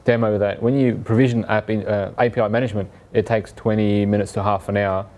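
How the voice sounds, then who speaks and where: A man's voice: lowish voice, flat delivery, a little fast, a little mellow. A man co-presenting, adding a brief matter-of-fact technical note.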